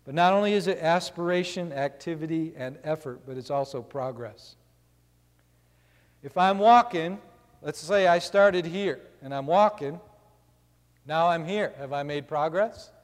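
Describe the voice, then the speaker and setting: A man, a pastor, preaching a sermon who reads scripture slowly and then explains it with everyday examples. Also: fairly high pitch. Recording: long hall reverb.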